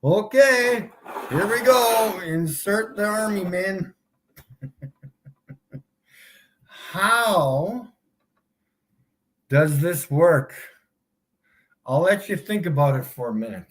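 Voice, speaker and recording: Slow, mocking high-voiced man. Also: lively intonation. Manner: mocking, taunting, laughing often; slow, drawn-out delivery with big swings in loudness. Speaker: livestream host. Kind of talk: live-stream commentary, reading chat.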